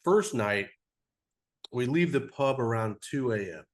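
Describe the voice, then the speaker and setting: A man's voice: medium pitch, expressive, measured pace. A man in his forties, a podcast guest, telling a travel story in a loose, rambling way full of "like" and casual swearing. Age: 40s. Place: cigar podcast studio.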